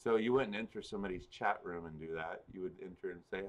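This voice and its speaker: A man's voice: deep voice, fast talker, few pauses, faint music behind. A man hosting a casual spiritual livestream, rambling and correcting himself as he answers viewers in the chat. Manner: rambling, self-correcting, chuckles often. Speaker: livestream host and spiritual reader.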